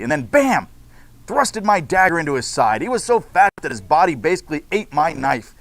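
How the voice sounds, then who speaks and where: A man's voice: fairly high pitch, no echo. A man voicing a boastful male assassin who casually brags about his deed. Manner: casual, bragging.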